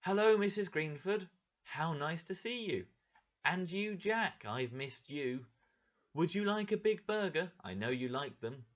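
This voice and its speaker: A calm, sly young woman from a storybook , played by a man. She sounds smooth and falsely friendly, lifted well above his normal pitch. The recording has a slightly muffled, lo-fi sound. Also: a little fast. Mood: sweetly sly.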